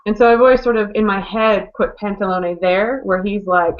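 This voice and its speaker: A woman's voice: mid-range voice, steady tone, moderate pace, hardly any pauses, lo-fi sound. A woman on a casual video call, musing and searching for words with um and like.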